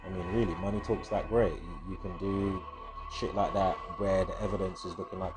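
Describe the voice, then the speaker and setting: A man's voice: deep voice, fairly even intonation, brisk. A man, rambling casually and profanely through a video monologue, often stopping to correct himself. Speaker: video host. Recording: faint background music. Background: faint music.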